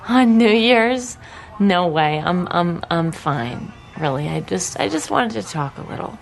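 A woman's voice: lowish voice, big pitch swings, slow pace, creaky, heavily acted. An actress playing a lonely woman who calls a friend at night and is close to tears, in a film clip. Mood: choked up.

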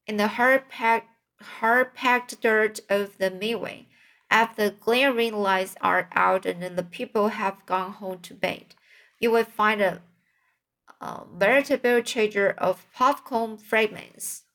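A woman's voice: medium pitch, slow, fairly bright tone. A woman voicing a knowing old sheep, persuasively listing treats in a storybook reading.

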